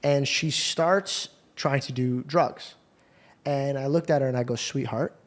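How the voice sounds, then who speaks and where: A man's voice: medium pitch, fairly even intonation, a little slow. A man hosting a conversation, telling a personal story in a casual, earnest way, with frequent swearing. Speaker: podcast host.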